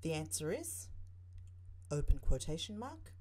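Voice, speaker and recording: A woman's voice: deep voice, very animated, unhurried, a little mellow, breathy edge. A woman tutor with an Australian accent, explaining a writing lesson and reading example sentences aloud. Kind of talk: teaching lesson narration.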